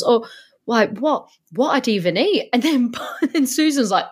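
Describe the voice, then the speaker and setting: A woman co-hosting a podcast in casual chat, animated and laughing as she acts out characters in funny voices. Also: high voice, moderate pace. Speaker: podcast co-host.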